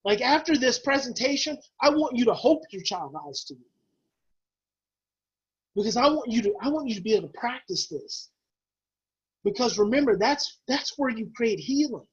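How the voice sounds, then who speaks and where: A man's voice: very high voice, big pitch swings, moderate pace, pauses often, husky, muffled recording. A man presenting a parenting webinar, urging parents on in an emphatic, repetitive, preacher-like way. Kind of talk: impassioned webinar teaching.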